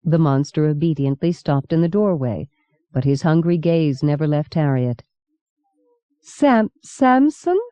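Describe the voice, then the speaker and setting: A woman narrating an audiobook in a measured, steady reading. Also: deep voice, clean tone, no room sound. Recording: dull lo-fi cassette recording.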